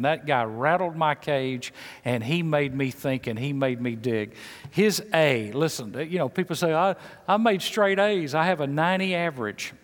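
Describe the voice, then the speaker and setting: A man's voice: medium pitch, long reverb tail. A man pastor preaching a sermon with an emphatic, repetitive cadence.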